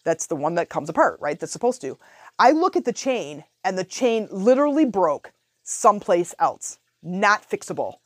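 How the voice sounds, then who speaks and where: A woman hosting a podcast, telling a personal story in a casual, animated way. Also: medium pitch, normal speed, no echo, studio quality. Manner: animated, chatty, retells her own thoughts aloud. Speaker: podcast host.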